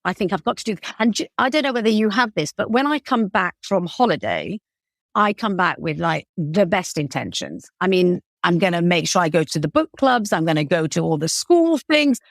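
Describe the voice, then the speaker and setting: A woman's voice: fairly low pitch, big pitch swings, normal speed, no room sound, studio quality. A woman in her forties with a British accent, chatting casually as a podcast guest, self-deprecating and full of fillers. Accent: British English. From England. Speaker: guest, cake business founder.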